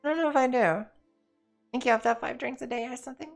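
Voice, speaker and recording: A woman's voice: high-pitched, rapid-fire, creaky, soft background music. A woman chatting casually while she streams a game, rambling and joking as she plays. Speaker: let's play streamer. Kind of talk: casual chat while gaming.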